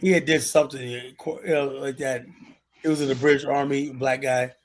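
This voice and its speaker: A man's voice: mid-range voice, steady tone, normal speed, low-quality recording. A man in a casual group conversation, recounting a film he half remembers and trailing off as he restarts. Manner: rambling recollection, trails off and restarts.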